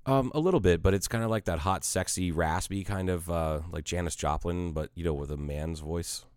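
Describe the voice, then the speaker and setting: A middle-aged man in casual podcast chat, blunt, teasing and quick to swear, on a studio mic. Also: deep voice, a little mellow, no echo. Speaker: podcast co-host.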